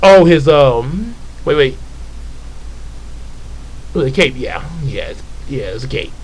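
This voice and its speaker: A man's voice: medium pitch, expressive, takes it slowly, a little hiss or hum, rough recording. A man casually retelling his comic book, rambling into asides and correcting himself.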